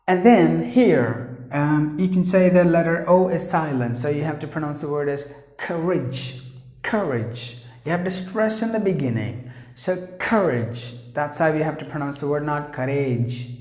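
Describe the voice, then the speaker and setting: A man teaching English pronunciation from India, who repeats each word slowly and stresses its sounds. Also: fairly high pitch, a little mellow. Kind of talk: slow, patient pronunciation lesson. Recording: roomy echo.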